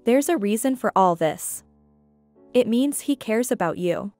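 A woman voicing a calm, sensible young woman friend in a narrated story. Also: a little high, a little slow, no room sound, faint music behind.

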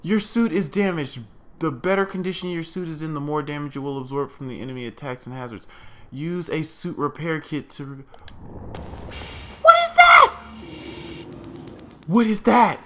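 A man's voice: fairly high pitch, brisk, noisy background. A man giving let's play commentary, thinking aloud to his viewers as "guys" and crying out in alarm at what he finds. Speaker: gaming channel host.

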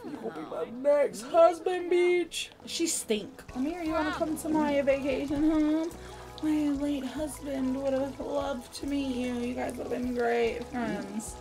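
A young woman streaming a life-sim game, joking loudly and swearing as she narrates her character's schemes. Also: high voice, measured pace. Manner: loud, profane, jokey, voicing her character's lines. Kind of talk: casual gameplay commentary. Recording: game music playing loudly behind.

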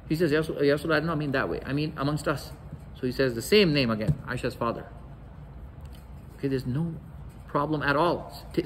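A man's voice: fairly high pitch, a little hiss or hum, rough recording. A man giving a religious lecture, telling stories and acting out the quoted dialogue. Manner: storytelling, acts out quoted dialogue.

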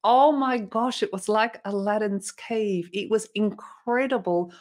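A woman's voice: mid-range voice, unhurried, darkish tone. A woman guest in an interview, earnestly retelling a personal experience with emotion and small restarts. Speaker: interview guest, motivational speaker.

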